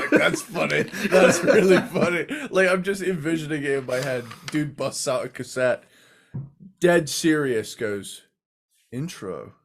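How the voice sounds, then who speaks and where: A man co-hosting a casual music ranking talk show, laid-back and quick to laugh, with lots of filler words. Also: fairly high pitch. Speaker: podcast co-host.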